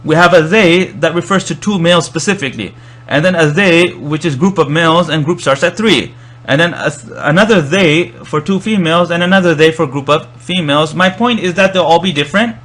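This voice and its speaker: A man's voice: fairly high pitch, fairly quick, few pauses, fairly bright tone. A man explaining Arabic verb grammar in a lecture, often restarting and repeating words as he thinks. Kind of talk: recorded lecture.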